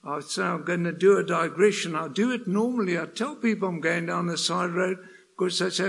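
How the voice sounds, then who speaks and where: Older preacher, gravelly and high. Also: male voice, fairly quick. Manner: swings between hushed and loud passionate emphasis. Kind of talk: sermon.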